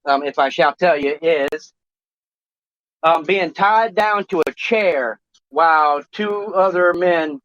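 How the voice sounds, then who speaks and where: A man rambles through a crude talk show conversation, halting, restarting and swearing freely. His voice is a little high for a man and fairly bright. The dry, dull recording sounds like a cheap mic, with no room sound.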